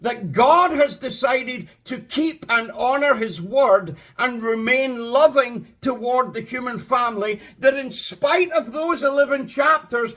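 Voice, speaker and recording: A man preaching a sermon with passion, drawing out key words for emphasis and building up to shouts. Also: very high voice. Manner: impassioned, rising to shouts; slow, drawn-out emphasis.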